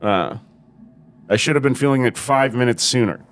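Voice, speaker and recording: A man's voice: mid-range voice, moderate pace, clear, resonant tone. A man, a comedian co-hosting a podcast, chatting in a laid-back, profane, self-deprecating way. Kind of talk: casual chat.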